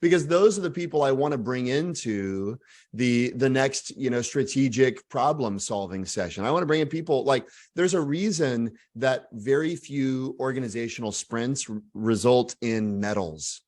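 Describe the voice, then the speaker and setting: A man from Texas, in his forties, speaking as a guest author in a casual interview, animated and full of asides and jokes. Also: medium pitch, normal speed. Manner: energetic, animated storyteller with frequent asides and self-deprecating humor.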